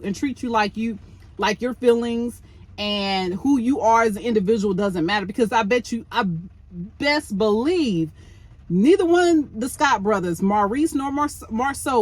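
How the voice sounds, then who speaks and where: A woman giving blunt, opinionated commentary on a reality show in a casual, exasperated way. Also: a little high. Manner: blunt, exasperated, talks to the show's people directly.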